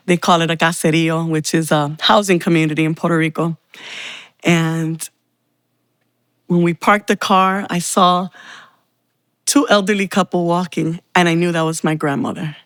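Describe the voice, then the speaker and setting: A woman's voice: on the low side, fairly even intonation, moderate pace, long pauses, fairly bright tone, clean tone, dry recording. A woman telling her personal faith testimony in an earnest, heartfelt way. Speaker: testimony speaker.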